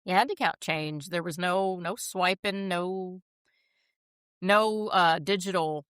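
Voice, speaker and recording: A woman's voice: fairly low pitch, slow pace, a bit bright, smooth, no room sound, clean studio sound. A woman in her fifties chatting casually as a co-host, laughing often and telling stories with animation. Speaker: podcast co-host. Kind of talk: casual chat.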